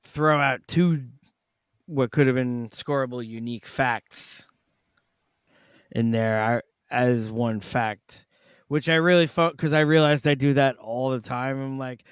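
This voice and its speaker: A man's voice: mid-range voice, measured pace, smooth, dry recording, clean studio sound. A man co-hosting a casual podcast game with a Boston accent who laughs often and drifts into funny voices. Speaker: podcast co-host.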